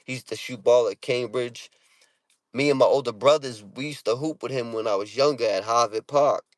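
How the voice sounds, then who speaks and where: A man's voice: mid-range voice, normal speed, no room sound. A man with a Boston accent, talking casually and profanely to camera from his car, full of street slang. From Boston area, Massachusetts. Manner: brash, profane, street slang, repeats "you know what I'm saying". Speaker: vlogger. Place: inside a parked car.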